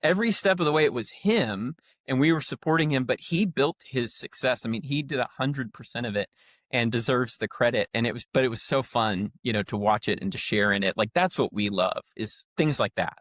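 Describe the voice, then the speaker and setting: A man telling a workplace story with lively retold quotes in a casual podcast conversation. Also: mid-range voice, fairly quick, dry recording, clean studio sound. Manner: animated storyteller, acts out quotes. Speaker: podcast guest, roofing company leader.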